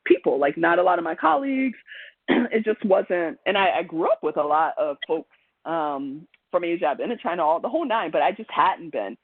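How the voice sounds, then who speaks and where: A man's voice: fairly high pitch, no echo. A man presenting a webinar as a trainer, speaking in a chatty, conversational lecture style with frequent ums and restarts over a video call. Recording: tinny phone-like call audio.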